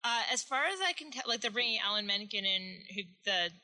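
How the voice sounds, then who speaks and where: A woman's voice: mid-range voice, animated, a little fast, sharp tone, rough recording. A young woman in casual movie chat, explaining details with fillers.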